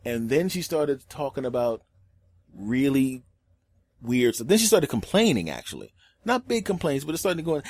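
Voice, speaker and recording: A man's voice: medium pitch, very animated, normal speed, no room sound. A man hosting a podcast, telling a comic story in an exasperated, ranting way and swearing for effect. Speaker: podcast host. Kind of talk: comedic storytelling monologue.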